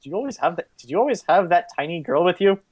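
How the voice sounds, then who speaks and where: A man voicing a suave, haughty male assassin in a tabletop game, speaking slowly in a lowered voice. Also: expressive, a little mellow, husky.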